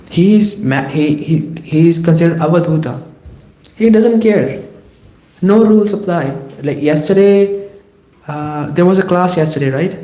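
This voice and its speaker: A man giving a scripture class lecture, telling the story in a lively way and speaking in the voices of the people in it. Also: a little high, reverberant, low-quality recording. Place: temple hall.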